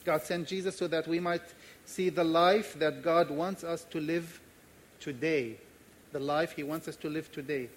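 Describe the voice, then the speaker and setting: Earnest man preaching, slightly high voice. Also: steady tone, unhurried, a little hiss or hum. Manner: earnest, emphatic, repeats key phrases. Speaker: pastor. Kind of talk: sermon with personal stories.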